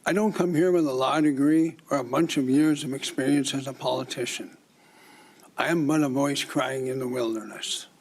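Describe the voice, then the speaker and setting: Gravelly older man testifying. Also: mid-range voice, normal speed, a little hiss or hum, rough recording. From Minnesota. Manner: declamatory, accusatory. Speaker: public testifier. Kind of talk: prepared public testimony.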